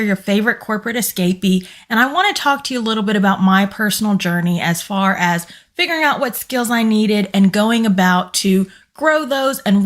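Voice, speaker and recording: A woman speaks straight to her viewers in a relaxed, motivational tone, urging them to grow their business skills. Her voice is hoarse and strained, as if she is losing it. She speaks earnestly, with the odd filler and restart. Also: medium pitch. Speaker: business coach and former corporate employee. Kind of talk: casual motivational talk to camera.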